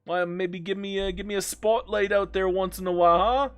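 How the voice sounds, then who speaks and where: High-voiced joking game streamer man. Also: steady tone, fairly quick, fairly bright tone, faint music behind. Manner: joking, talks to himself and reads chat aloud. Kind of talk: casual live-stream commentary.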